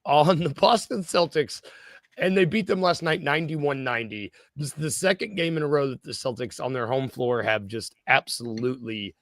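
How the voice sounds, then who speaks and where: A man's voice: mid-range voice, normal speed, no echo, clean studio sound. A man hosting a casual sports podcast, jokey and self-deprecating, rambling through his points. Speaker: podcast host.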